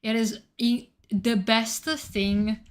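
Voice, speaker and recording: A woman streamer chats casually on a live stream, excitable and profane, rambling as she searches through her notes. Her voice is a little high and her pace slow.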